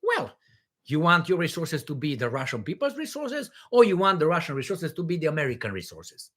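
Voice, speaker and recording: A man's voice: a little high, huge pitch swings, fairly quick, a bit bright. A man hosting a live Q&A, talking in a profane, emphatic and rambling way. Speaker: livestream host answering questions. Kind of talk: live Q&A monologue.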